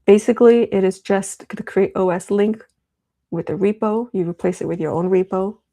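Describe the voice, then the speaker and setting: A young woman hosts a casual live stream, talking in a loose, rambling way with plenty of fillers. Her voice has a gravelly edge and a mellow, darker tone. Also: mid-range voice, steady tone, normal speed. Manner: chatty, rambling, with many fillers. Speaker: livestream host.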